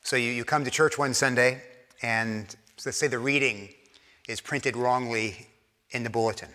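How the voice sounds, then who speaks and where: A man's voice: medium pitch, steady tone, moderate pace, sharp tone. A man preaching a sermon in a conversational way, often repeating words and acting out imagined quotes. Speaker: pastor. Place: church. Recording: long church reverb.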